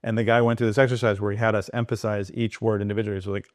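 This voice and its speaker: A man speaking as a podcast guest, animated and digressive, talking in quick bursts. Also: lowish voice, no echo, studio quality. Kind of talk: conversational interview.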